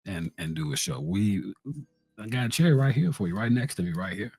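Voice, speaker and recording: A man co-hosting a laid-back podcast. His voice swings widely in pitch as he tells stories. He has a teasing, folksy way of talking. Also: fairly quick, husky. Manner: animated storytelling, folksy and teasing. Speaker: podcast co-host. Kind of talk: casual chat.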